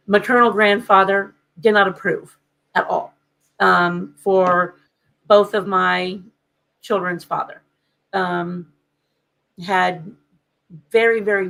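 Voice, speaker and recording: A woman's voice: mid-range voice, creaky, a bit bright, low-quality recording. A woman on a podcast telling a candid family story in a casual, conversational way, with frequent fillers. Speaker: podcast co-host.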